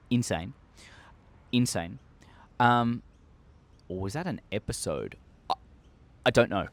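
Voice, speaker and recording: An Australian man hosting a casual opinion vlog, rambling and excitable, with heavy swearing, talking into a desk microphone. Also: medium pitch. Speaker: show host.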